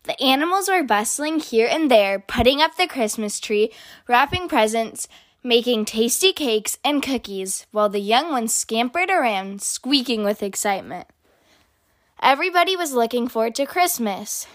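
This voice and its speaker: A woman reading a children's picture book aloud, with expressive, animated storytelling. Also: on the high side, moderate pace, no room sound, studio quality.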